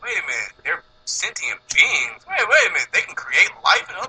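A man co-hosting a casual movie podcast, animated and profane, laughing often as he talks. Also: on the high side, brisk, slightly rough, rough recording. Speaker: podcast co-host.

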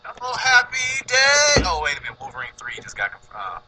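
A man co-hosting a casual movie podcast, animated and profane, laughing often as he talks. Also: very high voice, fairly quick, very noisy. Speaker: podcast co-host.

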